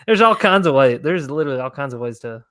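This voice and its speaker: A man's voice: medium pitch, animated, quick pace, fairly bright tone, no echo. Laid-back young man on a dry mic. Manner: laid-back, rambling, answering viewer questions. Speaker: fishing channel host. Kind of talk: casual livestream Q&A.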